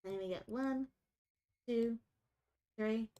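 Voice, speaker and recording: A woman's voice: on the high side, slow, dark tone. Woman running a tabletop game. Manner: casual descriptive narration. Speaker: game master.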